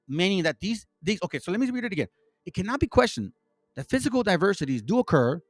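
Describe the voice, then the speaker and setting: A man's voice: high-pitched, no echo. A man hosting an online commentary, reading passages aloud and reacting in a heated, profane rant full of stumbling restarts. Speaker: channel host.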